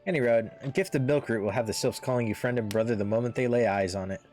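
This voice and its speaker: A man's voice: mid-range voice, fast, darkish tone, lightly acted. A man voicing a folksy, forgetful male forest villager from a fantasy game, in a wavering drawl he likens to a drunk Yoda. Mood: jolly. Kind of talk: reading game dialogue aloud in character. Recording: faint music underneath.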